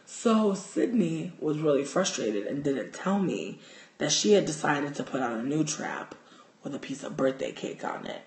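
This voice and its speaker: A man telling a wild story to his livestream in a casual, profane, animated way, recorded on a phone at home. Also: a little high, moderate pace. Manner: animated, profane, gets loud and excited in the telling. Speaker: livestream host. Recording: roomy echo.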